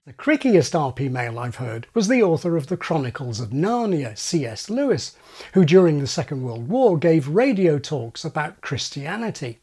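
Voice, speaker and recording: A man narrates a scripted video essay with wry, explanatory delivery. His husky voice sits a little high and moves lively across its range. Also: moderate pace.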